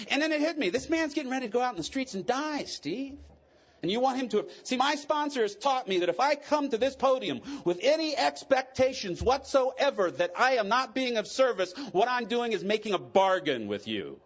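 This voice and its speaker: A man's voice: very high voice, sing-song, fairly quick, dull audio. A middle-aged man speaking at a recovery convention, telling candid, joking and emotional stories from his own life. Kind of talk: personal testimony talk.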